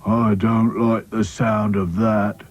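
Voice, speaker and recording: Sad Sack: glum male rag doll, slow drawling grumble, voiced by a man, dull lo-fi sound. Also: on the low side, little pitch movement. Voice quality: mournful, drawn-out grumbling.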